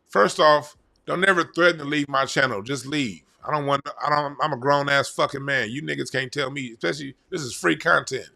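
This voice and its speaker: A man's voice: medium pitch, a little fast, vocal fry, sharp tone. A man giving blunt, profane, rambling commentary on a casual vlog. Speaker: YouTube commentator.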